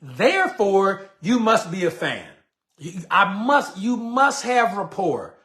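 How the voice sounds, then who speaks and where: A man's voice: sits high, sing-song, slow pace, a bit bright. A man in a casual, slangy live teaching session on network marketing, acting out sample messages in between.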